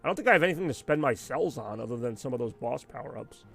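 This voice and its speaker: A man's voice: mid-range voice, expressive, quick pace, vocal fry, a bit bright, soft background music. A man rambling and venting in casual chat while streaming live gameplay, with frequent asides. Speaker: gaming streamer.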